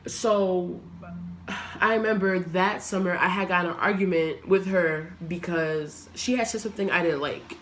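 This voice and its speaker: A young woman vlogger speaking earnestly to her camera, telling a personal story in a halting, reflective way. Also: lowish voice, a bit bright, a little hiss or hum. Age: young adult.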